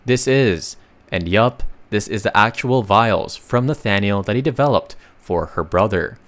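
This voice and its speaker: A man narrating a comic recap in a casual, chatty way, with sudden loud bursts and slangy asides. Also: lowish voice, lively intonation, measured pace.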